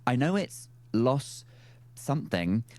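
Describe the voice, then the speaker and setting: A man with an English accent hosting a podcast in casual chat, playful and quick to laugh. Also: mid-range voice, no echo. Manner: laughs often, lively and playful. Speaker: podcast host.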